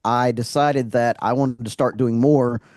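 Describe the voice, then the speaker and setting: A man's voice: mid-range voice, steady tone, unhurried, a little mellow, no echo, clean studio sound. A man in his thirties, a guest wrestling ring announcer, telling his story in casual podcast chat, with many fillers and restarts.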